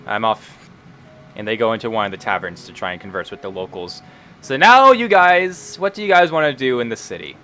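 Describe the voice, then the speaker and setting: A man's voice: mid-range voice, lively intonation, quick pace, pushed and bright, a little hiss or hum. A man narrating a tabletop game as game master, casual and profane, laughing often. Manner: casual, laughing, swears freely.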